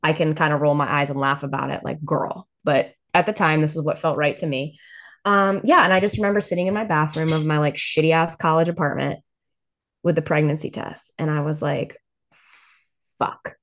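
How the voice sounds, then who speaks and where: A woman's voice: low voice, steady tone, a little fast. A woman in her forties, a podcast guest, telling her personal story bluntly and candidly, with swearing and frequent laughter. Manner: blunt, profane, laughs often.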